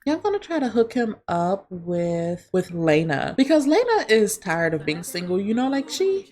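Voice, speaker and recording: A chatty woman narrates her gameplay to viewers in a relaxed, conversational way. Her voice sits at an ordinary middle pitch. She talks straight to her audience like a friend. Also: moderate pace. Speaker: let's play host. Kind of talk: casual gameplay commentary.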